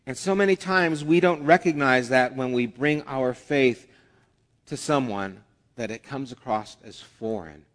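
A man's voice: medium pitch, a little slow. A man preaching a conversational sermon as a pastor, with acted asides. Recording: long hall reverb.

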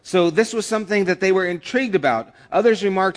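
A man's voice: high-pitched, moderate pace, few pauses. A man preaching a conversational sermon as a pastor, with acted asides. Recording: long hall reverb.

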